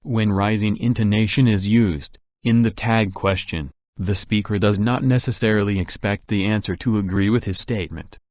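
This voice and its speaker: A man with a low voice reads grammar rules and example answers. He keeps a measured, even pace meant for learners. The sound is close and dry. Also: no echo. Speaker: English teacher. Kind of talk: scripted lesson reading.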